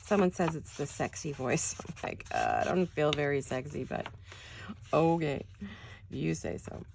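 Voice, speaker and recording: An older woman speaks in a deep, raspy, gravelly voice, quiet and friendly, as if it is early morning. She chats casually to her viewers while crafting in her home studio, and a faint hiss sits under the recording. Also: wildly swooping pitch, a little slow. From California. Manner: quiet, chatty, addresses viewers directly. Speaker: crafting channel host.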